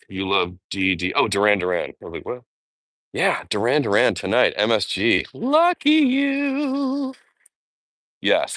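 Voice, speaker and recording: A man's voice: low voice, fairly bright tone, no echo. A man chatting casually on a live walking vlog outdoors in a park, rambling with fond asides. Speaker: vlogger.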